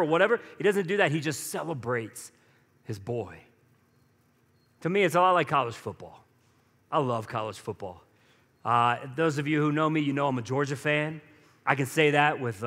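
A pastor preaching a sermon in a conversational way, with joking asides to the congregation. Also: male voice, fairly high pitch, fairly bright tone. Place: church auditorium. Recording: long reverb from a large church hall.

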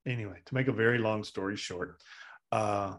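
A man's voice: on the low side, normal speed, a bit bright. A male Zen teacher retelling a story in a casual dharma talk, rambling with hesitations and restarts.

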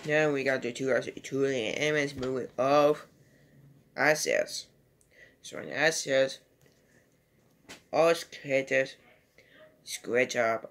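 Slow, rambling male movie reviewer. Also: medium pitch, a bit bright. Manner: rambling, loosely strung retelling. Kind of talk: casual home video review.

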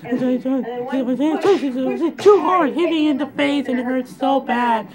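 A man telling a comedic story in an animated way, laughing as he goes. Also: extremely high pitch, normal speed, creaky, heavy background noise. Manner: animated, laughing through his own anecdote. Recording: audio with loud crowd laughter. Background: loud audience laughter.

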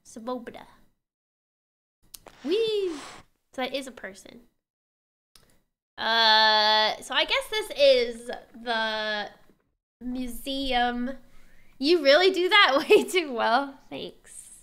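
A woman's voice: sits high, slow pace, pauses often, bright, forceful tone. A woman with a Texan accent streaming a game, chatting casually, giggling and reading on-screen text aloud with stumbles. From Texas.

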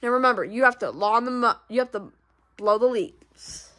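Lady doing a bossy dad, trips over his words, kinda high, home fan movie. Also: a bit bright, close to an everyday voice. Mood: stern. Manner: stern, halting, stumbling over words. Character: strict dad making his kid do chores. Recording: homemade fan toy movie.

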